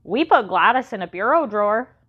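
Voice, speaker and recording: A woman's voice: mid-range voice, animated, fairly quick, breathy edge, phone-quality sound, voice pushed up. A woman voicing a blunt, bossy young girl with brash, indignant outbursts in an audiobook. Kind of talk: audiobook character voice.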